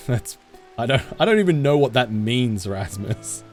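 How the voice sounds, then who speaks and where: A man with a softened Australian accent, chatting casually with his live-stream audience as he plays, laughing often and answering chat. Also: mid-range voice, lively intonation, measured pace, faint music behind. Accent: Australian, toned down. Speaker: game streamer.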